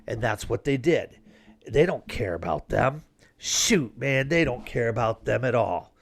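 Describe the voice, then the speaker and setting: A man's voice: mid-range voice, expressive, a little slow, gravelly. A man delivering a fired-up, indignant opinion monologue, often tacking on "man". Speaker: commentator.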